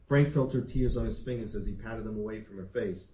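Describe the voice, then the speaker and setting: A male author reading his own fiction aloud in measured, deliberate narration at a library reading, in a roomy, dull recording. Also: lowish voice, warm tone, slight background noise.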